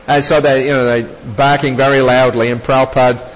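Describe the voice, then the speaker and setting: A man's voice: medium pitch, flat delivery, fairly quick. A man recounting personal travel anecdotes in a rambling storytelling way, often chuckling and adding asides. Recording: dull lo-fi recording with long reverb and faint noise.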